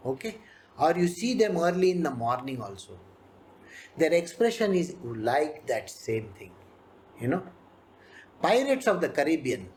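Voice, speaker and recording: A spiritual teacher gives an animated scripture discourse, acting out characters and laughing often. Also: mid-range voice.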